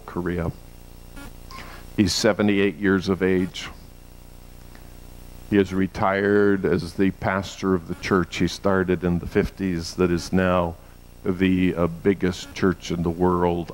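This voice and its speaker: Low-voiced guy preaching a sermon, chatty with lots of uh's then gets loud and fired up. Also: slight background noise, poor audio. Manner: builds to loud, high emphatic peaks, with frequent uh fillers. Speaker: pastor.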